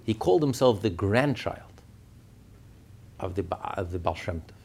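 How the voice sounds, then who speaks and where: A man's voice: on the low side, moderate pace, a little hiss or hum. A man teaching a Torah class, telling stories with rhetorical questions and acting out the quoted speakers. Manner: animated storytelling, acts out quotes, rhetorical questions. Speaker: rabbi teaching.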